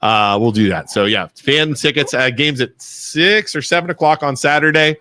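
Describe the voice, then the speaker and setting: A man's voice: a little high, moderate pace, pushed and bright, no room sound. A man with an Ohio accent hosting a casual local talk radio show, telling offhand stories. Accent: Northeast Ohio American. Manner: conversational, offhand storytelling. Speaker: host.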